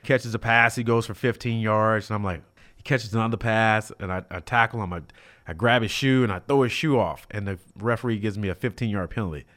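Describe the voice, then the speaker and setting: A man in his fifties from California, a former pro football player telling his story as a guest in an interview, lively and acting out the voices of people in it. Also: a little fast. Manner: lively, acts out quoted voices with jumps in pitch and loudness.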